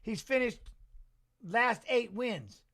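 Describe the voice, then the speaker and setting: A middle-aged man hosting a fight watch-along, chatting casually and telling animated, swear-laced stories. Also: very high voice, slow, creaky, dry recording, studio quality. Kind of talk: casual chat reading live chat.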